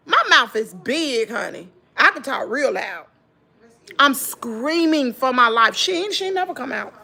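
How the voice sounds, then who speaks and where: Animated Southern woman telling a story. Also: high-pitched, normal speed, creaky. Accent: Southern US, Mississippi. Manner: animated, emphatic, addresses listeners as girl and y'all. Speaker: vlogger. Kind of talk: emotional storytelling to viewers.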